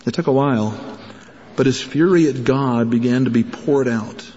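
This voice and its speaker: A man's voice: mid-range voice, moderate pace, dark tone, big-room sound, highs cut off, a little hiss or hum. A man giving an earnest talk to pastors, telling stories and acting out the voices of the people in them. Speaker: speaker addressing pastors. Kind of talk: conference talk with storytelling.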